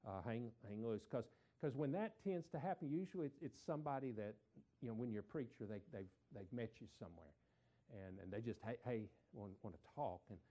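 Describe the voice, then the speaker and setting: During a sermon, a middle-aged man shares a folksy story in a mid-range voice. He repeats words and builds in volume to drive his points home.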